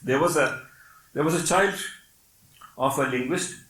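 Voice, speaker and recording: Older Malayali-accented man lecturing brightly. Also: fairly high pitch, a little slow, roomy sound, low-quality recording. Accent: Malayali English. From Kerala, India. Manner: explanatory, with frequent "Okay?" checks and wry laughs. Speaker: professor giving a lecture.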